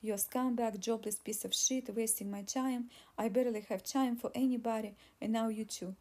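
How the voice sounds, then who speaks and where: A woman's voice: fairly high pitch, fairly even intonation, normal speed, lightly acted. A woman voicing an angry, nervous male attorney who screams insults in an audiobook reading. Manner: loud, insulting, desperate.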